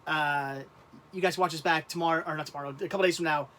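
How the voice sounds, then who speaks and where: High-voiced man rambling on a livestream. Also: steady tone, heavy background noise. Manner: rambling, halting, laughs often. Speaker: livestream host. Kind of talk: casual livestream chat.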